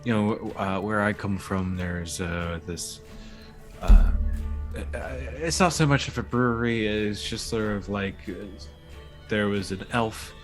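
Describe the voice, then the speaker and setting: A man's voice: fairly low pitch, a little slow, faint music behind. A man talking as a player in a tabletop game, hesitant and full of fillers. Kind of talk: in-character tabletop talk.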